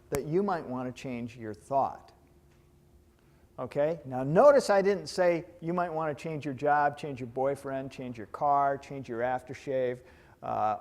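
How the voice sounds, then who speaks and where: A man teaching a class on hypnotherapy in a lively way, joking now and then and putting questions to his audience. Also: a little high. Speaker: hypnotherapy instructor. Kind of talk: lecture to a live class.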